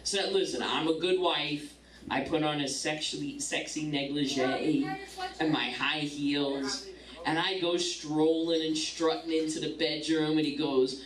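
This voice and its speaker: A woman's voice: sits low, fairly even intonation, a little slow, echoey room, far from the mic, rough recording. A middle-aged woman doing a stand-up comedy set, brash and profane, landing punchlines.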